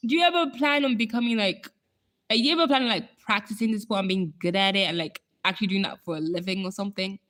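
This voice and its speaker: A woman's voice: mid-range voice, quick pace, fairly bright tone. A young woman hosting a casual live stream, chatting with viewers and laughing often. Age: young adult.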